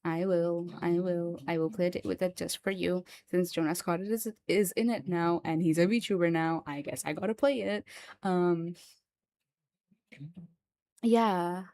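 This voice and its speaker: Excitable woman streamer chatting live. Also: on the low side, measured pace, dry recording. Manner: excitable, repeats herself, swears freely. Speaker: streamer and voice actor. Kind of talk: casual livestream chat.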